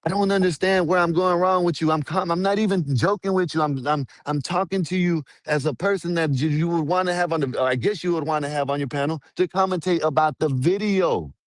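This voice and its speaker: A man's voice: fairly high pitch, fairly quick, few pauses, no echo. A man co-hosting a livestream who argues defensively, stammers, and keeps repeating himself. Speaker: co-host commentator. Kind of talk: heated argument on a livestream.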